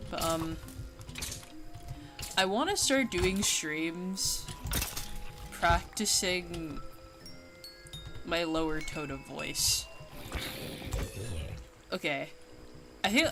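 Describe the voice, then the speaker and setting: A woman streaming a game, chatting casually and rambling with lots of fillers, now and then yelping at the game. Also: low voice. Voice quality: worries her voice sounds nasal. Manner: rambling, filler-heavy, breaks into yelps at the game. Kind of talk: casual gaming stream chat. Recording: game music playing behind.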